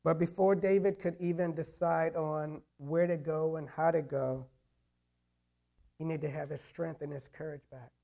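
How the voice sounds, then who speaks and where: Pastor guy preaching, kinda high voice, gravelly, lots of "you know"s and repeats. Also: fairly even intonation, normal speed, warm tone. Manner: conversational preaching with many "you know" fillers and repetitions. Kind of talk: sermon.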